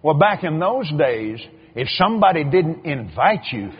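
A man's voice: fairly high pitch, measured pace, slightly rough. An older man preaching a sermon, telling stories with repeated words and acted-out quotes. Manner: animated storytelling, acts out quoted voices, repeats words. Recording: dull lo-fi recording.

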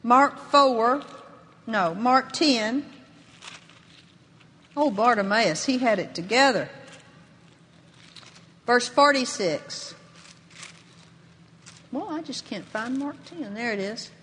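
A woman's voice: on the high side, lively intonation, slow, long pauses, a bit bright, breathy edge. A woman preaching a sermon, reading scripture aloud and rising into bold, emphatic proclamation. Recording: long reverb of a large hall.

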